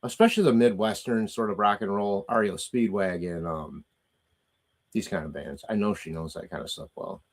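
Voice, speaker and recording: A man's voice: lowish voice, normal speed. A middle-aged man hosting a livestream, reading chat comments aloud and ranting casually with profanity and frequent laughter.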